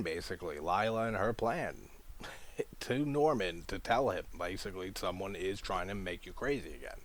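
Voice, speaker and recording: A man with a very low voice talks through a horror sequel he loves. He is casual and enthusiastic, swearing freely and retelling scene after scene. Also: a bit bright. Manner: enthusiastic, swears casually, acts out quoted dialogue. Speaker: horror film reviewer. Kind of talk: casual film discussion.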